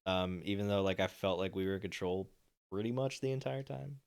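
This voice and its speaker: Brisk and smooth, this co-host's voice sits low with a creaky, darkish quality. The young man chats casually about games on a sports podcast, rambling with lots of fillers and restarts.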